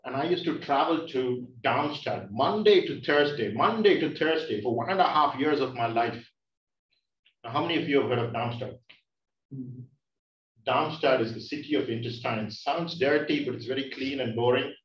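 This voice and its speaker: A man's voice: mid-range voice, moderate pace. A man from India giving a humorous speech to an audience, playfully teasing listeners with questions. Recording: roomy, distant, dull sound.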